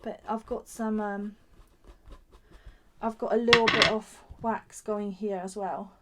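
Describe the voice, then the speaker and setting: A woman's voice: medium pitch, flat delivery, slow pace, very noisy. A woman, the founder of a craft shop, giving a live craft demonstration. She chats as she works and gushes over the results. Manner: gushing, admiring her own work; chatty, thinking aloud as she works.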